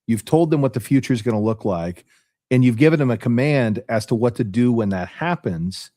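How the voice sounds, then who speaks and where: A man's voice: mid-range voice, expressive, normal speed, warm tone, no room sound. Male interview host, conversational and affirming, dry close mic. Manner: affirming, sums up the guest's points with analogies. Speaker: podcast host.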